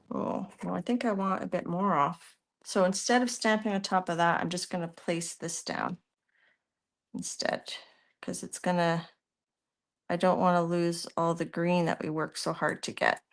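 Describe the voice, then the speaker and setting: A woman's voice: on the low side, fairly even intonation, a little slow, long pauses. A woman giving a casual crafting tutorial, chatting and thinking aloud as she works. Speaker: mixed media art tutor.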